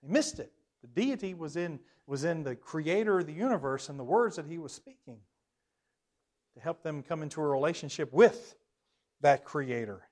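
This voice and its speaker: A man teaching a Bible class, reading verses aloud with stress on key words and putting questions to the group, at times dropping very soft. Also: a little high, lively intonation, normal speed. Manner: reads verses aloud with emphasis, then asks the class questions; level swings widely, dropping very soft at times. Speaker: preacher.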